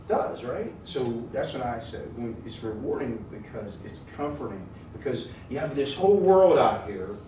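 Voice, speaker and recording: Speaking at a normal speed with hardly any pauses, this medium-pitched pastor keeps his intonation lively throughout a chatty, humorous sermon. He tells stories and calls for the congregation to answer back, recorded from afar in a noisy, echoing sanctuary.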